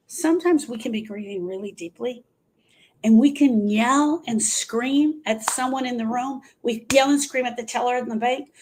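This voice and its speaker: A woman's voice: on the high side, darkish tone, slight background noise. A woman talking earnestly as a grief coach on a live stream, repeating phrases for emphasis.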